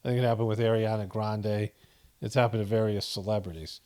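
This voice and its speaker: A man's voice: on the low side, steady tone, a little fast, darkish tone. A man hosting a casual video commentary, rambling with frequent chuckles and fillers. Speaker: commentary channel host.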